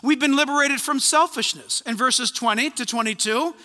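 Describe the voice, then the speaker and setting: Pastor, male, very high and piercingly bright voice, animated storyteller, preaching in a hall with a long reverb tail. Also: normal speed. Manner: animated storytelling, acts out conversations. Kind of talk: sermon.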